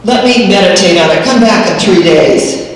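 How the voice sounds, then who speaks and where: A woman voicing an old male hermit healer who speaks in a slow, measured, commanding way, in an echoey hall. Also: mid-range voice, close to an everyday voice. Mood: calm. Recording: echoey hall, distant mic.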